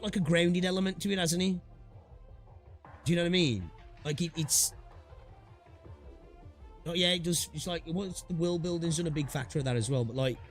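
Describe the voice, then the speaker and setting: Rambling man streaming a game. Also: fairly high pitch. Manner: rambling, hesitant, full of fillers and restarts. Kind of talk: casual livestream commentary.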